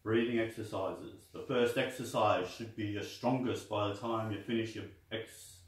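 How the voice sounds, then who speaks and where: A man's voice: fairly low pitch, steady tone, moderate pace. A man teaching martial arts breathing in a loose, rambling way, guiding the listener through breathing counts. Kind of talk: casual instructional talk. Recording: echoey room, distant mic.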